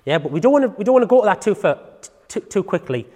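A man's voice: high-pitched, big pitch swings, rapid-fire, warm tone, breathy edge, long reverb tail. A man teaching dog training in a casual, chatty way, often checking in with the listener.

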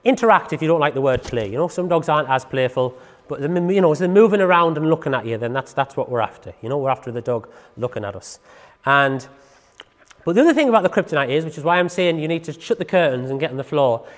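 Fast-talking dog trainer. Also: male voice, a little high, big-room sound. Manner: chatty, animated, self-styled clown, repeats "you know what I mean". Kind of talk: informal teaching talk.

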